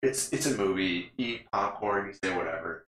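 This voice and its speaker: A rambling, laugh-prone man co-hosting a podcast, recounting a film in loose casual chat with a bright, forceful tone. His voice rings around a very echoey room, and he swears freely as he goes. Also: sits low, moderate pace. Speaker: podcast co-host. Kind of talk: casual movie recap chat.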